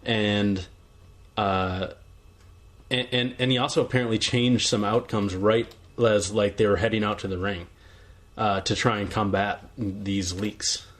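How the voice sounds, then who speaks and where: A man's voice: fairly low pitch, steady tone, unhurried. A man co-hosting a podcast in casual chat, rambling and restarting his sentences. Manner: rambling, many fillers and restarts. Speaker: podcast co-host.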